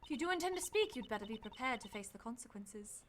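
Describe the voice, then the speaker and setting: A woman's voice: fairly high pitch, expressive, quick pace, slight background noise, lightly acted. Stern female chief prosecutor, cold and clipped, read by a woman.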